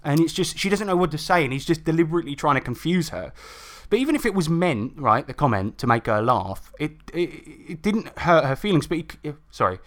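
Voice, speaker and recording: A man with a voice sitting a little high talks through a clip on a commentary podcast. He sounds indignant and conversational. He keeps stumbling into restarts and side remarks. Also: animated, brisk, few pauses. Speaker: commentary host. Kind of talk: casual commentary chat.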